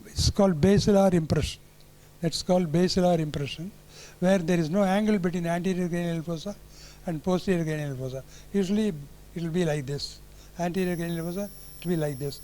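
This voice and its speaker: Older man, Tamil Indian English accent, high-pitched, mellow tone, storytelling medical lecture, repeats himself for emphasis. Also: poor audio. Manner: storytelling, repeats phrases for emphasis, chuckles at own anecdotes. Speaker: neurologist lecturer.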